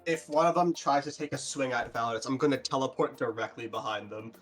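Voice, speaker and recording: A man's voice: mid-range voice, fast talker, faint music behind. A man playing a tabletop game, talking bluntly and hesitantly, with swearing. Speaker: player. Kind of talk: casual chat in a tabletop game.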